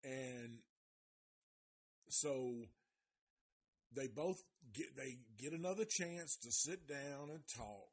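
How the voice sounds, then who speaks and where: Speaking slowly and pausing often in a husky mid-range voice, a man hosts a live show reviewing a documentary series. His retelling is loose and slangy, full of heavy cursing, with exaggerated voices for the story's characters.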